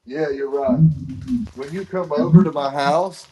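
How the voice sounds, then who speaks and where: A man's voice: a little high, unhurried, dark tone, poor audio. A man hosting a casual live-stream chat, rambling and correcting himself as he goes. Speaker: host.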